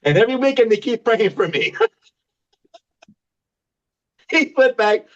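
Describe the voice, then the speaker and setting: Fifties guy doing a stand-up set, pretty high voice, cracks himself up, kinda muffled recording. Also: expressive, slow pace, long pauses. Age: 50s. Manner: self-mocking, laughs at his own jokes. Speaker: stand-up comedian.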